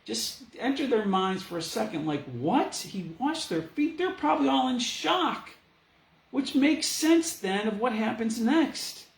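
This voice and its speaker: A man preaching a sermon as a pastor, in a lively, conversational way, full of rhetorical questions. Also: very high voice, a little slow, vocal fry. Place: church. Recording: echoey church room.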